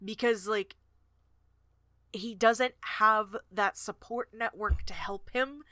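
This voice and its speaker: Chatty woman podcast cohost, bright voice, dry close sound, lots of likes and ums. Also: mid-range voice, steady tone, slow, no room sound. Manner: chatty, retelling scenes with many fillers. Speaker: podcast co-host. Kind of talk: casual book-discussion chat.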